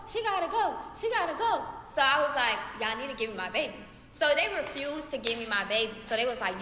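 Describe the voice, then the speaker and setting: A young woman with a high, bright voice rattles off her story at a quick clip, animated and chatty. Her voice rings out in an echoey room with a long reverb tail and light noise behind it. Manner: animated, addresses viewers as y'all. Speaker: storytime vlogger. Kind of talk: fast casual storytelling.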